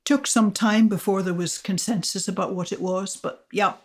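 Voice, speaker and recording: An older woman, an astrophysicist guest, recounting her discovery in a measured, explanatory way. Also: medium pitch, steady tone. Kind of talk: storytelling interview answers.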